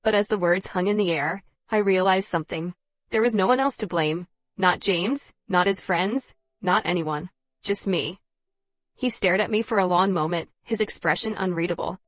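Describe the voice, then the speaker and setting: A woman's voice: fairly low pitch, normal speed, no room sound. Woman reading a first-person drama story.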